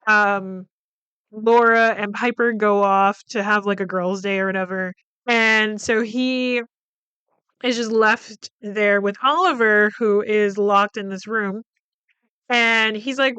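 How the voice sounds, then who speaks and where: A woman's voice: medium pitch, slow, clean tone, no echo. A woman hosting a podcast, casually retelling a film's plot with lots of swearing, fillers and quoted lines. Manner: profane, animated retelling with many fillers. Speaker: podcast host. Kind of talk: casual film recap.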